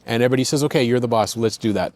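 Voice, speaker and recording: A man's voice: mid-range voice, very fast, a little mellow, no room sound. An American man hosting a podcast, explaining points in a conversational, listing manner and acting out quoted speech. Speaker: podcast host. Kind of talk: explanatory commentary.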